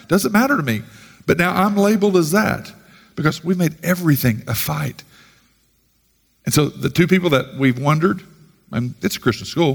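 A man's voice: medium pitch, long reverb tail. A man pastor giving a conversational sermon full of rhetorical questions.

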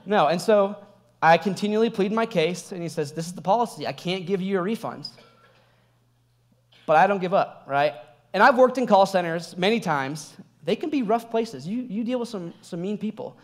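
A young male pastor with a notably high-pitched voice, preaching in a relaxed, conversational way. He tells stories with animation and the odd laugh, easy and personable rather than formal. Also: moderate pace. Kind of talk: sermon with personal story.

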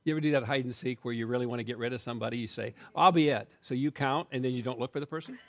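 A man in his sixties giving a sermon, telling a story with jokes and asides in a lively way. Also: mid-range voice, racing. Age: 60s. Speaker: pastor.

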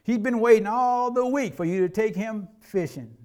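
A man's voice: high-pitched, normal speed, a little mellow. A middle-aged man preaching a sermon as a pastor, in a conversational way, acting out quotes from everyday life.

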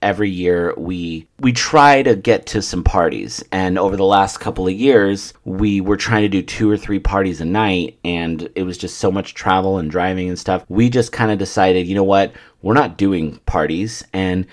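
A man's voice: sits low, moderate pace, hardly any pauses. A man hosting a comedy podcast, talking in a joking, self-deprecating way and swearing freely. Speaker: podcast host.

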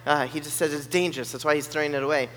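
A man voicing a soft-spoken young woman student who interprets for him, speaking in a hushed, matter-of-fact way. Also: on the high side, fairly even intonation, racing, pitched below the performer's own voice, natural voice. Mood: hushed, earnest. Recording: long hall reverb.

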